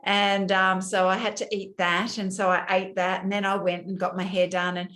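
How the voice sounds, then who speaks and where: A woman's voice: mid-range voice, flat delivery, moderate pace, a bit bright. Older woman vlogger; chatty, conversational storyteller speaking to the girls watching. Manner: chatty storytelling, addressing women viewers. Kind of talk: casual chat.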